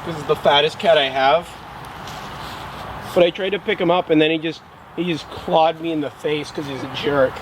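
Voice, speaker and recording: A man's voice: a little high, steady tone, normal speed, background noise. Sarcastic rambling man reviewing a drink. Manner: sarcastic, rambling, mock-scolding. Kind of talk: rambling comic review vlog.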